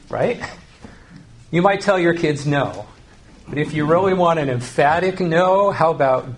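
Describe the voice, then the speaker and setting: A man preaching to his congregation in an earnest, teaching voice. His pitch sits a little high for a man, and he slows right down to press home key phrases. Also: animated, a little hiss or hum. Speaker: pastor. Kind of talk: sermon.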